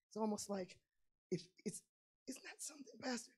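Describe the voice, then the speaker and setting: A woman preaching a sermon with fervor, going from quiet asides to shouted climaxes. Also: a little high, animated, moderate pace, slightly rough.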